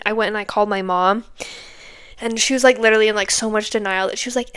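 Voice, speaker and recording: A woman's voice: medium pitch, fairly even intonation, fast, a bit bright, smooth. A young woman in her twenties hosting a podcast, telling a personal story in a rambling, chatty way with lots of fillers and tag questions. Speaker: podcast host.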